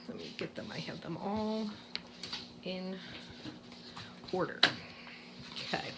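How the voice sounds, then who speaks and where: A middle-aged kindergarten teacher with a Boston accent explains spelling rules to parents in a home video lesson, patiently sounding out the letters. Her voice is lowish, with background noise.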